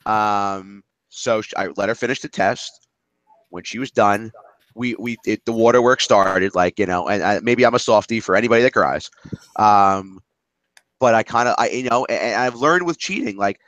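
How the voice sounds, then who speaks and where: A man's voice: medium pitch, normal speed, fairly bright tone, dry recording. A man leading a class discussion, telling candid stories in a rambling way with many restarts.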